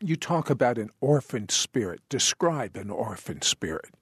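A man hosting a faith talk show, briskly steering his guest with short, prompting interjections. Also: mid-range voice, very animated, fairly bright tone, breathy edge, dry recording, studio quality.

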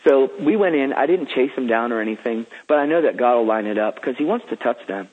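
A man's voice: mid-range voice, animated, quick pace. A man who is a guest minister, telling stories in an eager, emphatic, preacherly way. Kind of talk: enthusiastic storytelling. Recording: phone-like radio line.

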